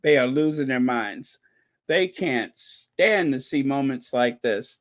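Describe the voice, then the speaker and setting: A man hosting his own channel, giving excited casual commentary, gleeful and laughing, who repeats his points over and over. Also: mid-range voice, takes it slowly. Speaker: channel host reacting to royal news.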